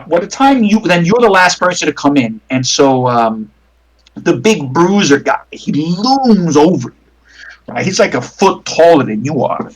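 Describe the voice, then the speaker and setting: Husky guy running a tabletop game, rambly, lots of ums. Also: on the high side, poor audio. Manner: rambling, laughing, many fillers. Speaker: game master.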